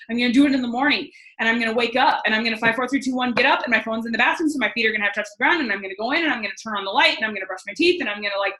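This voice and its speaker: A young woman, a guest speaker on a team call, gives a casual motivational talk in a fairly high, sharp voice. She's enthusiastic and chatty, with lots of "like" fillers, and the room is echoey.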